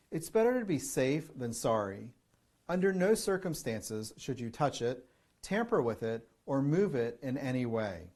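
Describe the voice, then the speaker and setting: A man calmly giving security training, methodically reading through a checklist of questions. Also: mid-range voice. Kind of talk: instructional narration.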